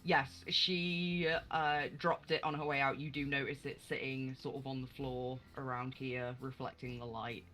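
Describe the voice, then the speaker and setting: A woman's voice: extremely low pitch, level tone, moderate pace, few pauses, sharp tone, a little hiss or hum. A woman running a tabletop game as game master, rambling and self-deprecating, often laughing.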